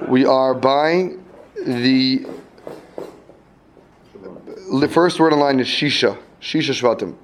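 A man's voice: mid-range voice, slow, long pauses, low-quality recording. A man teaching a class, reading a text aloud and translating it line by line, checking in with his students. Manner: reads phrase by phrase, translating each; asks students questions, repeats himself.

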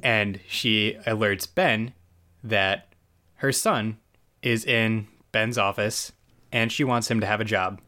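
A man's voice: lowish voice, steady tone, slow pace, bright, forceful tone. Rambling man recapping a show. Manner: loose, rambling storyteller with restarts. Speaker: podcast co-host. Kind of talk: casual chat recapping a TV episode.

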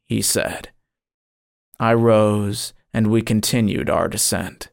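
Brief: male audiobook narrator, measured and solemn, very unhurried delivery. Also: on the low side, steady tone, creaky, smooth. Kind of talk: scripted narration.

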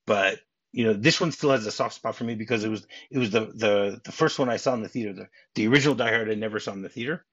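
Husky middle-aged male podcast host. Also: lowish voice, fast, no room sound. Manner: rambling, many restarts, chuckling asides. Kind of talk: casual film-discussion chat. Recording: dull, dry home-podcast audio.

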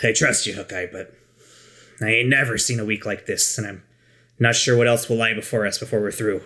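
Dude putting on a grumpy mean pirate deckhand, gruff, bright tone. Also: male voice, fairly low pitch, steady tone, fairly quick. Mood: worried. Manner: gruff and scolding. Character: crabby, mean grown male pirate sailor.

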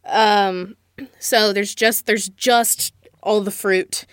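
A woman voice actor talks in an emphatic, chatty way about her work. Her pitch sits in a middle range. The recording is dry and close. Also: fairly even intonation, drawn-out words, no room sound. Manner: chatty, emphatic, laughs often. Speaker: voice actor guest. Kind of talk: casual chat.

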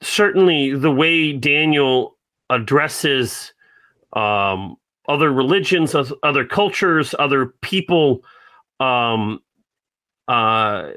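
A man's voice: mid-range voice, animated, takes it slowly, bright, forceful tone, no room sound. A man hosting a podcast, talking earnestly and hesitantly in a casual chat. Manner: hesitant, many fillers, earnest. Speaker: podcast host.

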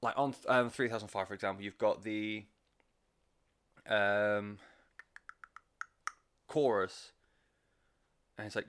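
A man talks through an album in a loose, rambling way, full of fillers and cheerful swearing. His voice sits a little low but sounds bright and forceful. He gets audibly excited about what he loves. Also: slow pace, pauses often, a little hiss or hum. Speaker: album reviewer. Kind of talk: casual spoken music review.

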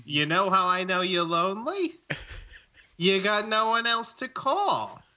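A man doing a comic impression of a movie actor, putting on a slow Northeast US accent. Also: sits high, expressive, pushed and bright, full character voice. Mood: drawling. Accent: put-on Northeast US. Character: gruff older man actor doing a film role.

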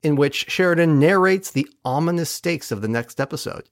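Podcast guy recapping stuff, swears a lot, wry and animated, dry close mic. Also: fairly high pitch, normal speed, no echo. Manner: wry, profane, animated retelling. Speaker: podcast host recapping an episode. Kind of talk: casual chat.

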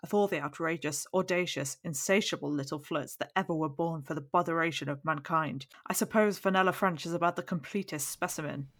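A woman's voice: deep voice, a little fast, hardly any pauses, fairly bright tone. A woman reading the part of a fat, jovial older lord who gossips with exclamations, in an audiobook. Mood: gossipy. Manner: chatty, gossipy storytelling with exclamations.

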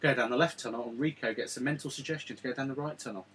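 A man's voice: mid-range voice, racing, fairly bright tone, a little hiss or hum. A man hosting a casual film review chat, rambling along with frequent ums and restarts. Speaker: podcast host.

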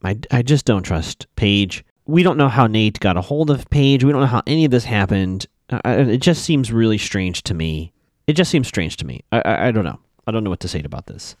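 A man's voice: lowish voice, lively intonation, fairly quick, dry recording, clean studio sound. A man casually recapping a TV episode, chatting to viewers he calls folks.

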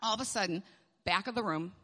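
A woman giving an animated storytelling sermon to a group of moms, laughing often as she speaks. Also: mid-range voice, fast talker. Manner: animated, laughs often while telling stories. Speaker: speaker at a moms' gathering. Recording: long hall reverb.

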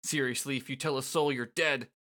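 A man's voice: medium pitch, fairly even intonation, brisk, pushed and bright, lightly acted. A man reading the lines of a brash, touchy young male street kid in a game, with blustery, defensive outbursts. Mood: threatening.

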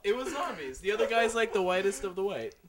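A man's voice: high-pitched, sing-song, fast, crowd noise. Laid-back male podcast guest. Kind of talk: casual podcast chat.

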